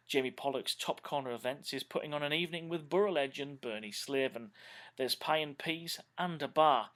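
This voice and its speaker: A man's voice: a little high, a bit bright. Man reading an upbeat fan news bulletin. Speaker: newsreader for a fan channel.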